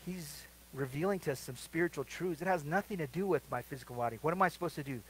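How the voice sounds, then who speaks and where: A middle-aged male pastor leading a midweek Bible study sermon, asking the congregation to fill in verses and swinging between quiet asides and loud emphatic lines. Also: a little high, quick pace, slight background noise, low-quality recording. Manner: asks the congregation questions to fill in verses, then answers them.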